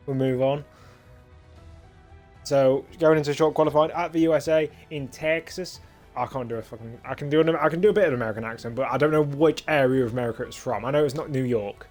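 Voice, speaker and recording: A man's voice: mid-range voice, a little mellow. Rambling young sim racing commentator, a man. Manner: rambling, cheeky, full of filler ums and crude jokes. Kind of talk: casual live-stream race commentary.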